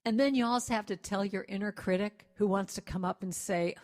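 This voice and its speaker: A woman giving an inspirational talk to a congregation, gentle and conversational, who breaks into lively acted-out quotes. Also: medium pitch, a little fast. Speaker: guest speaker and singer.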